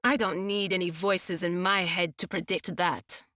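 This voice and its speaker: A woman's voice: on the low side, steady tone, measured pace, pushed and bright, no room sound, studio quality. An actress playing a nervous female psyker who hears whispering voices, wry and laughing to herself. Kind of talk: video game voice acting.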